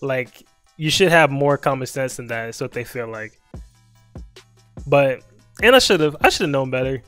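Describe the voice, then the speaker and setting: A man's voice: mid-range voice, lively intonation, moderate pace, a bit bright, soft background music. A young man streaming, casually telling a story in slangy talk, laughing often and acting out both sides of the conversation.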